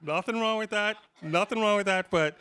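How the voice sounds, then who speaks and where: This man in his 50s has a high-pitched, sharp yet smooth voice and speaks at a moderate pace. Before a live audience in a guitar shop clinic room, he rambles through self-deprecating anecdotes, restarting frequently.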